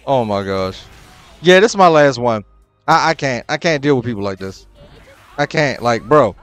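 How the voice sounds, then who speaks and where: A young adult man commenting on his own ranked matches, swearing often and breaking into loud, exasperated outbursts. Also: medium pitch, lively intonation, moderate pace, clean tone, no room sound, soft background music. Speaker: gaming channel host.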